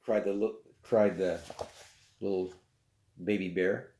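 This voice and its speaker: Male storyteller reading to children, animated, chatty asides, roomy echo. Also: fairly low pitch, measured pace.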